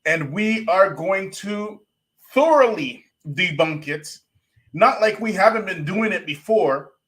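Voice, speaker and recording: A man's voice: high-pitched, animated, takes it slowly, a bit bright. A man hosting a live-stream commentary show, greeting viewers by name with emphatic openings. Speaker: show host.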